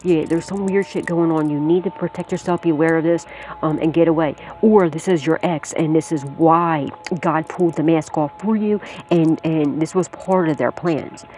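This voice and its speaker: Soft music plays behind a female psychic whose voice sits low and mellow at a moderate pace. Reading tarot informally for viewers, she's blunt, repeats herself, swears freely, and keeps laughing.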